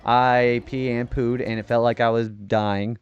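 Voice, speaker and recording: A young man streams a retro racing game and chats loosely with viewers, trailing off into stories and cursing at the handling. His voice is clear and smooth, mid-pitched, with the nerdy sound he jokes about himself. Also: little pitch movement, measured pace, no echo, dull audio, faint music behind. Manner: rambling, swears often when frustrated; self-described nerdy voice. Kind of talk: casual gaming stream chat.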